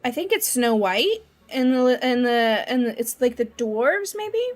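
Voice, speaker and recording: A woman's voice: on the high side, sing-song, unhurried. A young woman chatting casually on a game live stream, giggling often and wandering off on tangents.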